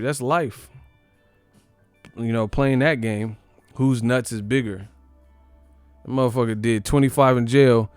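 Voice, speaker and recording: A man's voice: mid-range voice, no room sound. A man hosting his own channel, ranting casually about boxing in a joking, profane, trash-talking way. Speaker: boxing commentator, channel host. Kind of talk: casual boxing commentary rant.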